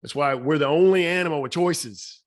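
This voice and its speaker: A man's voice: fairly high pitch, normal speed. Southern man, emphatic motivational speaker. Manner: emphatic, repeats key phrases. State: slightly shaky voice. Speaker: podcast guest, speaker and author. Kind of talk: motivational podcast talk.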